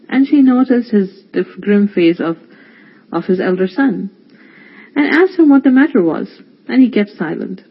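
A storyteller narrates a children's story in an expressive, lively way. The voice is slightly husky, and the lo-fi recording leaves it dull and muffled. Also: medium pitch.

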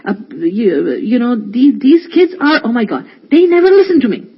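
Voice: big pitch swings, normal speed, slightly rough, highs cut off. A storyteller voicing Faraz, a short-tempered older brother who scolds and complains in a storybook reading. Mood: exasperated. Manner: shrill, exasperated scolding.

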